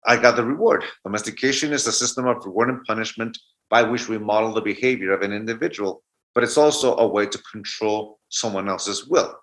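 A man's voice: on the low side, a little fast, a bit bright. A man in his forties, a guest telling a reflective personal story and often restarting mid-thought. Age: 40s. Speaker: guest speaker.

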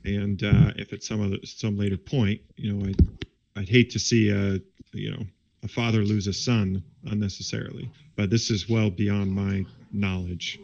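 A man's voice: lowish voice, flat delivery, moderate pace, vocal fry, a little mellow. A man playing a tabletop game, speaking hesitantly and restarting often, heard over a dull lo-fi mic. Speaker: player.

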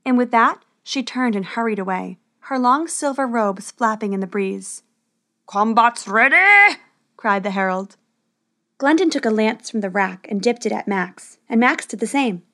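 A woman narrating a storybook adventure in a steady, expressive way. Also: fairly high pitch, moderate pace.

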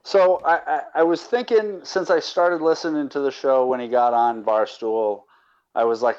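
A man's voice: mid-range voice, fairly even intonation, moderate pace, darkish tone, smooth. Rambling man on a dull line. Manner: rambling, restarts a lot. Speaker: caller and guest. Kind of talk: casual podcast interview.

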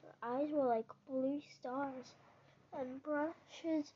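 A woman reads a children's book aloud in a gentle storytelling manner, now and then stumbling over a word and restarting it. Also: sits high, fairly even intonation, extremely slow, slight background noise. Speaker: narrator. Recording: dull lo-fi recording.

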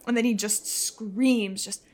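A woman's voice: fairly high pitch, fairly even intonation, takes it slowly. A woman narrating a tabletop role-playing game as game master, casual and laughing often.

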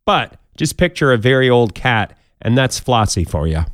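A man's voice: medium pitch, sing-song, normal speed, a bit bright, no echo, studio quality. A man hosting a podcast, counting down odd news stories in a casual, jokey way with playful asides. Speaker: podcast host.

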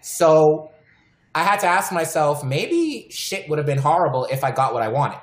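Female podcast host, deep-toned, frank storyteller, roomy echo. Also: big pitch swings, moderate pace. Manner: candid, storytelling, swears freely. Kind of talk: casual podcast chat.

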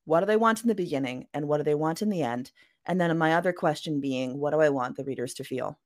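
A woman's voice: low-pitched, fast talker. A woman author being interviewed on a podcast, talking casually and acting out little quoted voices as she explains her point. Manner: chatty, acts out quoted voices. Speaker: author guest.

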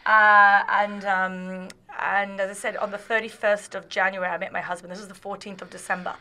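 A woman from Australia, a podcast guest, telling a personal story in casual chat, animated and laughing, often restarting her sentences. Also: medium pitch, normal speed.

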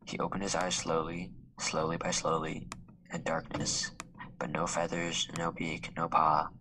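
A man reading a story aloud in a hushed, half-whispered way. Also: low voice, flat delivery, unhurried, background noise. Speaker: student reader.

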